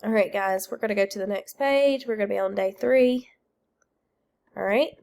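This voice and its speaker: A woman's voice: medium pitch, moderate pace, creaky, darkish tone. A woman teacher leading children through a phonics lesson on video, calling out words, drilling answers and praising them, while feeling unwell. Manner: leads call-and-response drills, praises answers.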